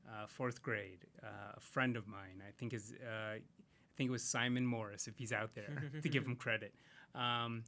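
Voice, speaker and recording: A comics creator chats casually as a podcast guest in an interview, rambling and reflective with lots of fillers and restarts. His voice is medium-pitched and steady at a normal speed, with a sharp tone.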